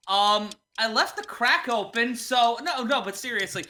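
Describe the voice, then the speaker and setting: Bright, joking man on a radio panel. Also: very high-pitched, slight background noise. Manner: joking, self-mocking, quick asides. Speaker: debate contestant, radio personality. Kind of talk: comedic banter.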